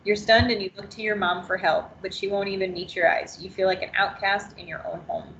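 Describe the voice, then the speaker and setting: A woman's voice: mid-range voice, brisk, noisy background. Brief: woman trainer narrating a choose-your-path story, roomy, dull call audio. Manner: steady second-person storytelling. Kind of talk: reading an interactive story aloud.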